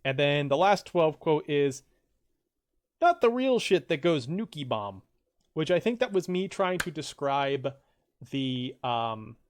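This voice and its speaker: A man streaming a game and reading out viewer quotes in casual, rambling chat, jumping into loud, high voices when he quotes someone.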